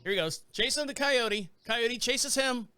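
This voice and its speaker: A man's voice: very high voice, a little slow, clean tone. A man hosting a podcast, talking casually and laughing often as he comments on a video clip. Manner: animated, laughs often, chatty with fillers. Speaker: podcast host.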